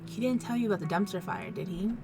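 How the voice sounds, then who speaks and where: A woman reading the lines of a gentle, doting middle-aged single father from a dating game, in her own mid-pitched voice. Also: fast, creaky, noisy background, natural voice. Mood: gentle fatherly. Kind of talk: reading game dialogue aloud.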